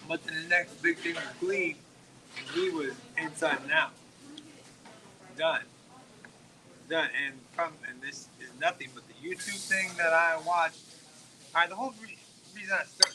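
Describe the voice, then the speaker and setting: A man's voice: on the high side, bright, forceful tone, slight background noise, rough recording. A man in his forties from Texas, telling stories in casual, profane podcast chat at a restaurant. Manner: profane, rambling storyteller full of "like". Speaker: podcast host.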